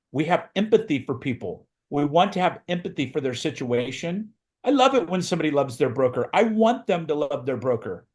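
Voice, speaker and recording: A man's voice: fairly high pitch, darkish tone. A man giving a motivational training talk as a recruiting coach, speaking emphatically and driving home his points by repeating phrases. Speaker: real estate recruiting coach.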